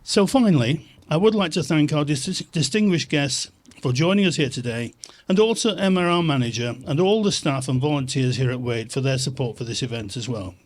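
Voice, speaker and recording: A man, chairman of a charity's trustees, giving a measured formal speech of thanks and remembrance. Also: fairly high pitch, expressive.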